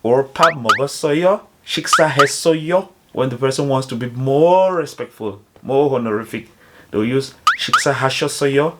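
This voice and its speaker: Man, language lesson, mid-range pitch, careful demonstrating delivery. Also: noisy background. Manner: slow, careful demonstration of phrases. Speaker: language teacher. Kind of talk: explaining Korean phrases to foreigners.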